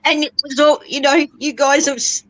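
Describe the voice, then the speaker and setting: A middle-aged woman talks in a tearful, emotional rush, laughing between halting half-sentences. Her voice sits a little high. The sound is dry and close, with no room around it. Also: flat delivery, a bit bright, dry recording, rough recording. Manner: laughing through tears, halting. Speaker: guest sharing family news. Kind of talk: emotional casual chat.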